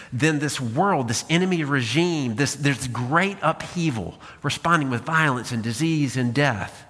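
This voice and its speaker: A man's voice: a little high, bright, forceful tone. A man preaching a sermon as a pastor, talking to the congregation in a conversational way with rhetorical questions. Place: church sanctuary. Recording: long hall reverb.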